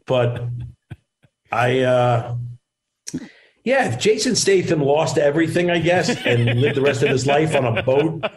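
A man's voice: a little high, lively intonation, measured pace, pauses often, rough recording. A middle-aged man, a comedian and actor, chatting as a guest over a video call, rambling through stories with lots of restarts. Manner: rambling storyteller with many restarts. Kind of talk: casual interview chat.

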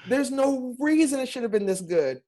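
Male stage performer, guest; animated, chatty, lively swings in pitch. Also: moderate pace. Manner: animated, expressive storyteller. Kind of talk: casual interview talk.

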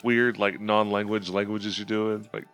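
A man running a tabletop role-playing game as game master, chatty and quick to laugh. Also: fairly low pitch, flat delivery, a bit bright, clean tone, soft background music.

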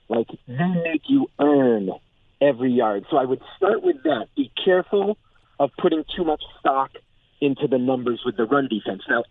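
Excitable male football reporter phoning in, gravelly and husky, tinny line. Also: on the high side. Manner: animated, filler-heavy, excited. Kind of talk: phone-in sports analysis. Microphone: phone.

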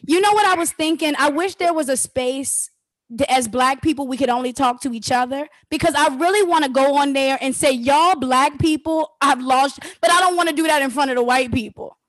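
A woman with a high voice chats on a casual podcast. She talks with animated emphasis and laughs often as she makes her points. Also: a little fast.

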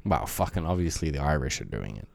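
A man with a very low voice co-hosting a podcast, blunt and wry and swearing freely. The recording is close and dry, with no room sound. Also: sing-song, fast, vocal fry, no echo. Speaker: podcast co-host. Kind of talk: casual banter.

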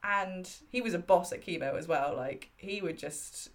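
A woman's voice: lowish voice, moderate pace. A woman in her thirties telling personal stories in a candid, heartfelt way during a casual chat. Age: 30s.

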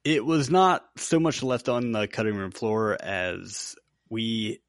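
A man hosting a podcast, introducing a guest in a relaxed, joking way. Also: on the low side, takes it slowly, no room sound, clean studio sound. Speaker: podcast host. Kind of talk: casual chat.

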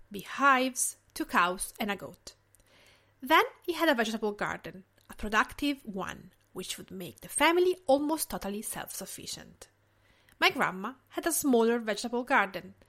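A woman with an Italian accent hosts her podcast in a slightly high voice, reading a prepared script. She speaks in a gentle, measured way and pauses between phrases. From Tuscany, Italy. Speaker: podcast host.

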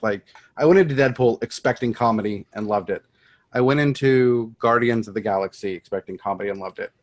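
A man co-hosting a podcast, speaking firmly and with strong opinions in casual chat. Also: medium pitch. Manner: opinionated, firm. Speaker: podcast co-host.

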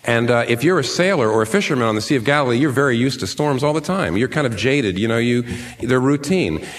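A man preaching a sermon, conversational and emphatic, with pitch that swings up and down as he stresses his points. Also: expressive, fast talker. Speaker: pastor.

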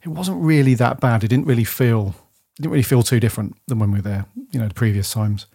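A man co-hosting a podcast, laid-back and quick to laugh. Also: mid-range voice, creaky, dark tone, husky. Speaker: podcast co-host. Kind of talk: casual chat.

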